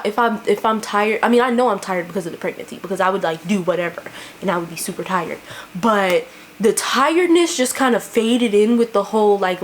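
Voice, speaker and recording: A young woman talks to her camera at home in a loose, chatty vlog style. She laughs often and leans on "like" and "you know" as she goes. A faint hiss sits behind her voice. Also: mid-range voice. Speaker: vlogger. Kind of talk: casual chat to camera.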